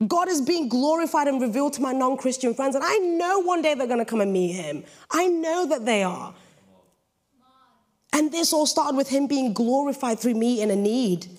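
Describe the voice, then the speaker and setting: A young British woman preaching a sermon with a lively, jokey storytelling manner. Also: sits high, moderate pace. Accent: British English. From Britain.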